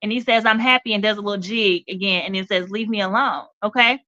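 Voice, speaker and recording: A woman's voice: medium pitch, fast, bright, forceful tone, no echo, highs cut off. Direct woman talk show host. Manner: direct, emphatic, checks in with "okay?". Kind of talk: motivational talk.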